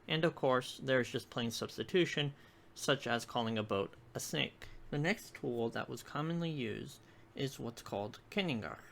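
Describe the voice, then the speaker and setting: A narrator with a gravelly, fry-edged voice at a middling pitch works through a lesson in a steady, explanatory way. Each example is spelled out carefully, and a faint hiss sits under the voice. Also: normal speed. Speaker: video lecturer. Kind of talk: scripted educational narration.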